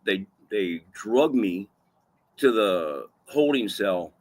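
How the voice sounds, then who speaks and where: A man's voice: on the low side, animated, takes it slowly, darkish tone. A man casually telling a personal story on camera, rambling and profane, repeating himself for emphasis. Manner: rambling, profane, with restarts and fillers. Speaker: vlogger recounting a personal story.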